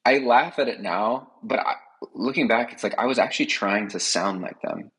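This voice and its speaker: A man's voice: mid-range voice, moderate pace, a bit bright, slightly rough, poor audio. A man speaking as a podcast guest, talking earnestly and with many fillers in a casual conversation.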